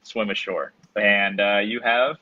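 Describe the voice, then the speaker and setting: A man runs a tabletop game as game master, narrating in halting bursts with many restarts. His voice is bright and forceful, sitting a little low, and the sound is dry and somewhat muffled. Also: steady tone, no room sound. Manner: halting, full of restarts and fillers.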